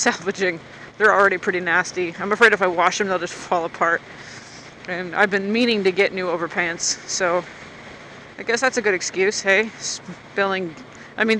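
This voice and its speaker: A woman's voice: mid-range voice, sharp tone, slight background noise, poor audio. A woman motovlogger chatting and grumbling in a rambling, unscripted way outdoors at a gas station.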